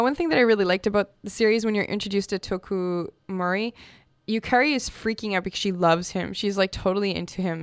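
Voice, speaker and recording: A woman's voice: mid-range voice, smooth, no room sound, clean studio sound. A woman hosting a radio show about comics, chatting casually and enthusiastically with fillers and restarts.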